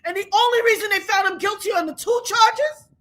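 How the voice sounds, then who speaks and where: A woman livestream host in an angry rant, shouting, repeating herself and near tears with rage. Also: very high-pitched, a little fast. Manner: furious, shouting, repetitive.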